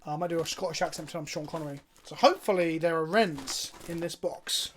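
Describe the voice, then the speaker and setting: A man's voice: on the high side, steady tone, quick pace, hardly any pauses. A man streaming a card game, commentating his plays casually, chatty and thinking aloud, with frequent swearing.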